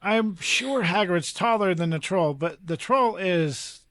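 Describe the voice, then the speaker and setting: A man's voice: high-pitched, takes it slowly, no echo, studio quality. A man co-hosting a podcast, chatting casually and animatedly about a book chapter. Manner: animated, laughs and mimics quotes. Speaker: podcast co-host. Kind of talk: casual chat.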